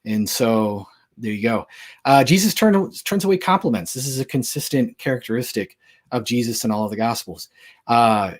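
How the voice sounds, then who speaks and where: Husky-voiced man giving a casual talk. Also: mid-range voice, lively intonation, normal speed. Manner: conversational and joking, lots of filler words. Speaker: Christian apologetics speaker. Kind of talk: casual lecture.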